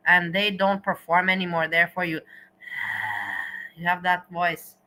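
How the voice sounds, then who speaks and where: A woman's voice: fairly low pitch, big pitch swings, measured pace, sharp tone, poor audio. A woman hosting a casual livestream, talking straight to her viewers and slipping in German words. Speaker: livestream host.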